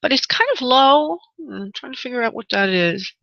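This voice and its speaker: A woman hosting a call-in radio show as a spirit medium. She talks in a halting, searching way with many restarts and calls her callers honey and love. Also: on the high side, expressive, bright, forceful tone, no echo, highs cut off.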